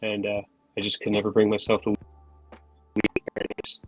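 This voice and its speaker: A man's voice: fairly low pitch, completely flat delivery, a little fast, husky, faint music behind, rough recording. A man, a podcast guest from New Jersey, telling rambling self-mocking stories over a remote call on his phone. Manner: rambling storyteller, self-mocking, laughs between remarks.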